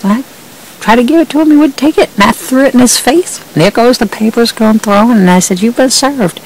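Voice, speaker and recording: A woman's voice: on the high side, a little fast, darkish tone, recorded from a distance, a little hiss or hum, rough recording. A woman who works as a process server, chatting in a rambling vlog style with many fillers and restarts, laughing between sentences. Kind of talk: casual storytelling vlog.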